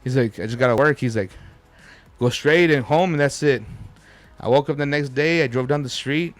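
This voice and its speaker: A man's voice: mid-range voice, normal speed, dry recording. A man telling a story as a podcast guest, rambling and swearing, with Spanish words dropped in. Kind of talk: casual storytelling.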